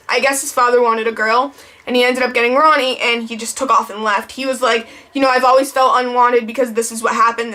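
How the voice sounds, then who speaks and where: A woman's voice: fairly high pitch, pushed and bright. A young woman vlogger telling a long storytime in a casual, rambling way, full of "like". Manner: rambling, heavy use of "like".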